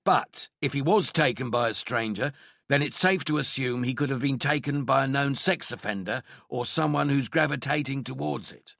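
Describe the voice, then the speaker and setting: A man voicing a decisive male detective inspector briefing his team in a measured, firm way. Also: medium pitch, vocal fry, a bit bright, no room sound, clean studio sound. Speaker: police team leader.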